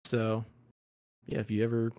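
A young man, a podcast guest, chatting casually in a laid-back, slightly halting way. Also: mid-range voice, monotone, darkish tone. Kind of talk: casual chat.

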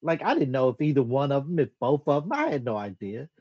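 A podcast co-host recounts a childhood story in casual chat, animatedly acting out the quoted dialogue and laughing at themself. The mid-range voice is slightly rough and fast, on dull audio.

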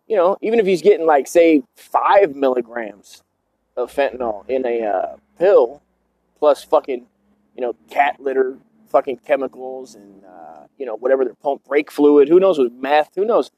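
A man's voice: mid-range voice, animated, normal speed, dark tone, no room sound. A man in his forties hosting a podcast, telling stories casually in a profane, rambling way and tossing in "dude" and "man". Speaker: podcast host. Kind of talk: casual storytelling.

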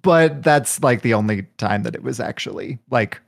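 A man chatting casually about card games, lively and laughing often. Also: medium pitch, moderate pace, creaky. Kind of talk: casual gaming chat.

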